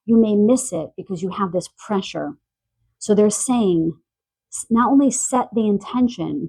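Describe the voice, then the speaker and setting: A woman giving a spiritual pick-a-card reading, gentle and searching, relaying messages with pauses and fillers. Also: mid-range voice, slightly rough, no echo, low-quality recording. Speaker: tarot card reader. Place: quiet room in the evening.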